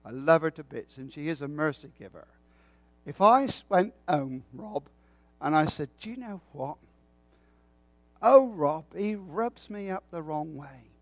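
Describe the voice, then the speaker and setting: A man's voice: on the high side, animated, measured pace, no room sound. A man preaching a sermon with a folksy, joking way of telling stories.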